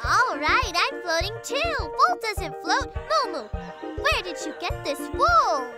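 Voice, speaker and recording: A woman voicing an eager young cartoon girl inventor who is bossy and excitable. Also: extremely high pitch, slow pace, heavily acted. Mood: cheerful. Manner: bossy and excitable, fond of science. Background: loud kids' cartoon music.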